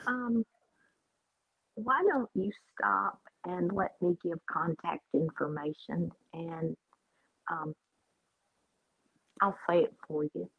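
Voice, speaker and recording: A woman's voice: on the low side, steady tone, slow, creaky, pauses often, breathy edge, dry recording, phone-quality sound. A woman co-hosting a casual podcast in a laid-back way. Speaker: podcast co-host.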